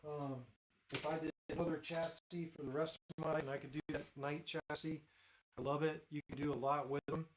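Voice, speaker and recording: A man's voice: on the high side, little pitch movement, a little fast, slight background noise, rough recording. A man hosting a live stream, chatting casually and rambling with frequent fillers and restarts as he shows off his builds. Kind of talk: casual live-stream chat while demonstrating.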